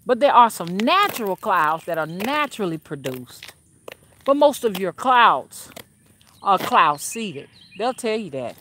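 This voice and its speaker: A woman's voice: on the high side, a bit bright, slight background noise. A woman rootworker hosting a casual livestream, chatting to viewers as y'all and reading their comments aloud, rambling with restarts. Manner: rambling with frequent restarts and fillers.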